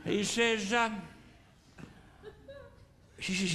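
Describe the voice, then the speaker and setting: High-voiced bawdy comedian. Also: male voice, background noise. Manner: crude, theatrical, drawn-out storytelling with pauses. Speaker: stand-up comedian. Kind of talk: bawdy stand-up storytelling. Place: theatre stage before a laughing audience.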